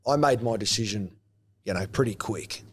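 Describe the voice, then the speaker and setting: A man from New Zealand in his thirties with an Australian-tinged New Zealand accent. His voice sits low and unhurried, and he talks in a relaxed, halting way, filling gaps with ums as he answers questions in a casual interview. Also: husky. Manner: relaxed, hesitant with frequent ums and restarts. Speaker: guest, former rugby league player.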